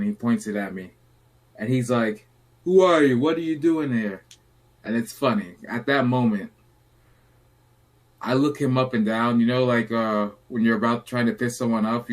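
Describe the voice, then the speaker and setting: A young man hosts a loose podcast chat at a mid-range pitch, drifting through a story with lots of "like" and "you know". He talks in a relaxed, unhurried way and slips into voices for the people he quotes. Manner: relaxed, rambling, acts out quotes. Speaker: podcast host.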